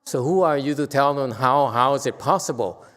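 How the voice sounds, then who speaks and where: A male Buddhist meditation teacher gives a Dharma talk to a class in a temple hall, earnest at first and then increasingly emphatic and animated, with some laughter. His voice is medium-pitched at a normal speed, and the hall adds a long reverb.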